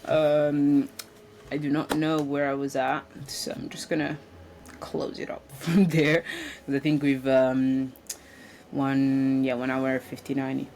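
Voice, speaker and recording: A woman's voice: a bass voice, completely flat delivery, slow pace, a little mellow, slight background noise. A woman giving a casual spiritual self-development talk in a room, speaking reflectively with frequent restarts and ums. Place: indoor room.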